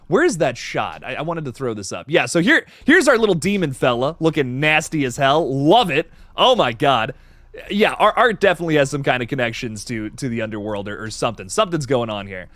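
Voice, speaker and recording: A man hosting a live horror-movie stream, excitable, laughing often and reading viewer comments aloud. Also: mid-range voice, fairly quick, no echo. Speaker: livestream host.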